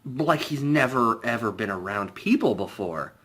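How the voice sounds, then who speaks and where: A young man casually reviewing a movie, animated and jokey, putting on voices for the characters. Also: mid-range voice, moderate pace, very noisy.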